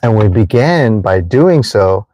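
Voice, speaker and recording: A man's voice: lowish voice, expressive, slow, warm tone, no echo. A man hosting a livestream, talking earnestly and repetitively about forgiveness, addressing his viewers directly. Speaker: livestream host giving life advice. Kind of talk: earnest motivational livestream talk.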